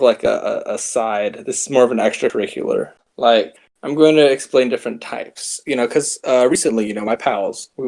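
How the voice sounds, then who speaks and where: A young man hosting a comedy podcast, rambling and cutting himself off, with deadpan jokes. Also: mid-range voice, creaky. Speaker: podcast host.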